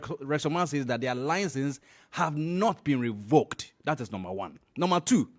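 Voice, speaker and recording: A middle-aged man with a Ghanaian accent hosting a morning radio show, running news commentary and switching between English and Twi as he talks. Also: medium pitch.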